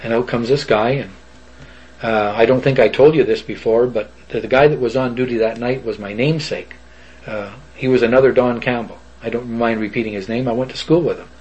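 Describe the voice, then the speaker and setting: Older man, husky, rambling. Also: medium pitch, a little fast, darkish tone. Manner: rambling, folksy, acts out the voices of others. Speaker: eyewitness recounting a sighting. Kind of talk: casual spoken storytelling. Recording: dull lo-fi recording.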